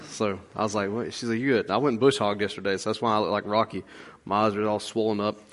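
A man's voice: lowish voice, steady tone, quick pace. A man giving a rambling, folksy sermon full of stories and fillers. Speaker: pastor. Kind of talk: conversational sermon.

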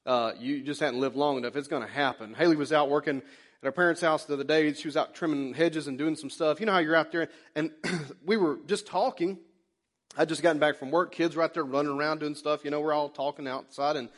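A male pastor preaching in a casual, conversational way, telling a personal story and drawing the congregation into back-and-forth. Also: sits high. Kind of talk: sermon. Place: church sanctuary.

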